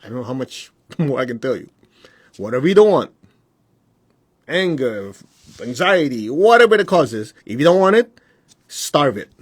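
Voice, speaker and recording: Spiritual teacher, male, husky and a little breathy, casual live-stream teaching with mid-range pitch. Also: very animated, moderate pace, long pauses. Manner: conversational, asks the audience whether it makes sense; mimics students in high voices.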